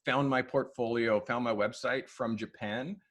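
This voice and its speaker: A man, a photographer, telling long stories in a relaxed interview, full of fillers like "um" and "like". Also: mid-range voice, measured pace. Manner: loose, animated storyteller who acts out quoted people; frequent fillers like "um" and "like". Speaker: photographer guest. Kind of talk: storytelling in a podcast interview.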